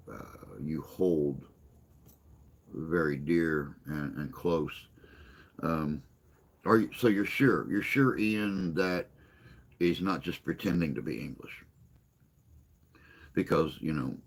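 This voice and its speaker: Very deep-voiced man in slow casual chat. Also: vocal fry. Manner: rambling, joking, reads and answers chat. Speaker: live stream host. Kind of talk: casual chat with live chat viewers.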